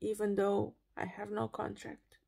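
Slow-talking woman in her thirties. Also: mid-range voice, monotone, gravelly, husky, no echo. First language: Romanian. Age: 30s. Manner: loud, emphatic and frank. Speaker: vlogger and radio presenter. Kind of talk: casual personal vlog.

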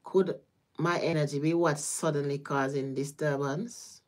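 A woman's voice: low voice, steady tone, unhurried. A woman with a Caribbean accent giving a casual tarot reading on a livestream, chatty and often laughing. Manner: chatty, laughing, drifting between topics. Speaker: tarot reader.

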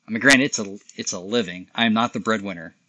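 A man in his forties, a podcast guest, talking in a relaxed, rambling, self-deprecating way. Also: fairly low pitch, quick pace. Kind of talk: casual interview chat.

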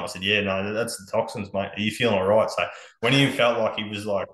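Laid-back Australian man with a bright voice. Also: lowish voice, steady tone, brisk, reverberant, rough recording. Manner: laid-back, swears freely, laughs through his stories. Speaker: podcast guest. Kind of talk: casual storytelling on a podcast.

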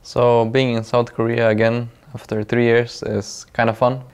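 A man's voice: mid-range voice, flat delivery, normal speed, a little mellow, clear, resonant tone. A man, an esports team player, speaking easygoing and matter-of-fact in a documentary interview.

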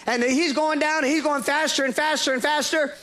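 A male preacher delivers a sermon story in a very high, bright voice. He is animated and laughs often, stumbling over restarts as he goes. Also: a little fast.

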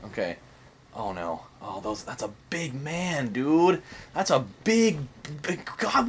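Animated young man rambling over gameplay. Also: mid-range voice, slow pace, slight background noise. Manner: rambling and joking, swears, says "like" often. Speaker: gaming channel host. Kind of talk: casual let's-play commentary.

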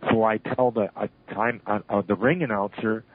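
Older male storyteller, retired referee type, husky voice, phone-line sound, lively and anecdotal. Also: on the low side, normal speed. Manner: animated storyteller who acts out shouted quotes. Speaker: retired wrestling referee, interview guest. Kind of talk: storytelling interview.

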